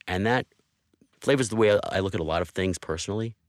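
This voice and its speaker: Man, 50s, deep, dry studio sound, earnest interview guest. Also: fast, no echo. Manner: earnest, emphatic storytelling. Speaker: TV news executive producer. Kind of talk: podcast interview.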